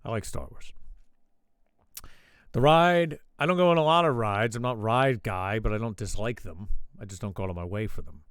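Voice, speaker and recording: A man's voice: fairly low pitch, moderate pace, fairly bright tone, smooth, no echo. A man hosting his own show, telling a rambling, profane story in casual chat. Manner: swears a lot, rambling asides. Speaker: show host.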